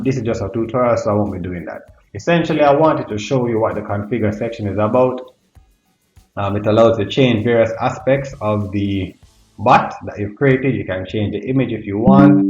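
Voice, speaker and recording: A man with a fairly low voice gives a relaxed screen-recorded tutorial. He thinks aloud and talks with curiosity to his viewers. The sound is roomy and dull, with faint music underneath. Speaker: tech tutorial presenter.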